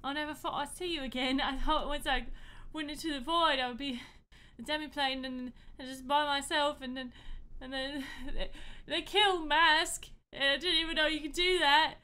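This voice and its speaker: A woman voicing an emotional, excitable young man who rambles as he gushes. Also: high voice, moderate pace, pitched above the performer's own voice. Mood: gushing. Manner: gushing, rambling.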